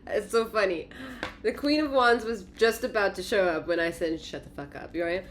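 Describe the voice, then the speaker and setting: A woman giving a casual tarot reading in a profane, animated way, laughing often. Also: mid-range voice, moderate pace, a little hiss or hum. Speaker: tarot reader.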